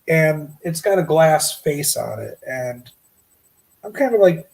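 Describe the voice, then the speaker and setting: A middle-aged man telling a paranormal story as a podcast guest, lively and animated, acting out his own shouts. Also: fairly high pitch, slow, creaky, low-quality recording.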